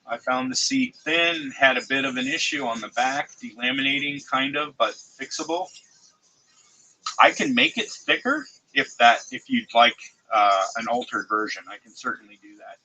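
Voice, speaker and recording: A man with a cold streaming live, speaking congested and halting, with many fillers and restarts as he shows model parts to chat. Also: medium pitch, pushed and bright, poor audio. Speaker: streamer showing 3D-printed model car parts. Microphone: desk mic, close.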